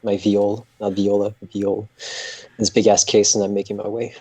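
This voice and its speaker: A man's voice: on the low side, level tone, normal speed, mellow, husky, no echo, low-quality recording. A man from Quebec with a Quebecois French accent, joking and swearing as a player in a tabletop game. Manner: joking, profane, playing a bard in a French accent. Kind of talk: tabletop role-play chat.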